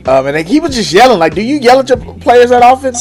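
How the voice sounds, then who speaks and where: A man chatting casually in an animated, incredulous way, swearing freely. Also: very high-pitched, fast, soft background music. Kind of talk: casual chat.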